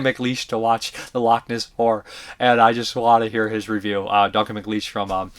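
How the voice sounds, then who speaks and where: A man's voice: on the low side, completely flat delivery, moderate pace, clean tone. A man giving blunt, profane, rambling movie reviews in a casual vlog, full of fillers and restarts. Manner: blunt opinionated talk.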